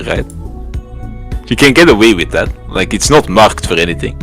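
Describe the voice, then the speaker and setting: A man casually co-hosting a live stream, relaxed and joking in a blunt, offhand way. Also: on the low side, moderate pace, faint music behind. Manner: laid-back, joking, blunt.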